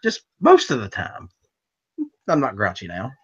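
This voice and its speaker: A man's voice: mid-range voice, wildly swooping pitch, measured pace, breathy edge. A man hosting a casual chat, blunt and opinionated with grouchy humor. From American South. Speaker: host. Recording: dull lo-fi audio.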